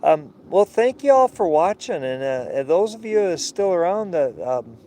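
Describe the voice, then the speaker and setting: A man's voice: fairly high pitch, sing-song, normal speed, dark tone, a little hiss or hum. A man talking in a casual, rambling way with many fillers, outdoors. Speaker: vlogger and sailor.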